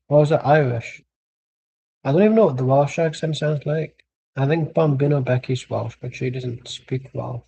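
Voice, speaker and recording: A man's voice: mid-range voice, moderate pace, vocal fry, mellow, husky, rough recording. A young man streaming a football watchalong, chatting casually and rambling with jokes and asides as the match plays. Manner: rambling, joking banter with asides. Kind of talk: casual live match commentary.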